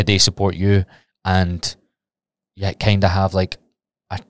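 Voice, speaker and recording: A Scottish podcast host who works as a personal trainer talks casually on his solo show, drifting into tangents and swearing now and then. His voice is deep, with no echo.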